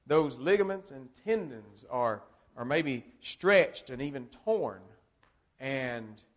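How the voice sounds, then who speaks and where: A man preaching a sermon, earnest, repeating key phrases and swinging between strong and soft words. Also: medium pitch.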